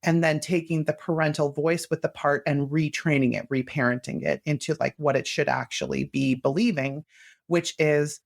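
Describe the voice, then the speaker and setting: A woman's voice: deep voice, steady tone, normal speed, vocal fry. Earnest woman guest, plain podcast talk. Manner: earnest, talks through her own self-talk. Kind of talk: conversational podcast explanation.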